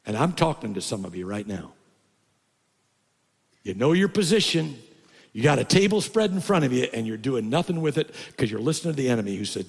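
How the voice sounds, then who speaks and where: An older man preaching a sermon as a pastor, often rising to loud, high emphatic bursts. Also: sing-song, fairly quick, creaky, slightly rough. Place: church sanctuary. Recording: reverberant church hall.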